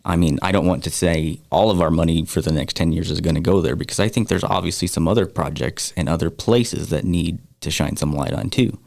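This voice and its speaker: A man with a low, gravelly voice chats easily about an upcoming event. He talks loosely with plenty of ums and uhs. His voice sounds close and dry. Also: a little fast, hardly any pauses, a little mellow, dry recording. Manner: easygoing, promotional, filler-heavy. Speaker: guest, foundation organizer. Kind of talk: casual radio chat.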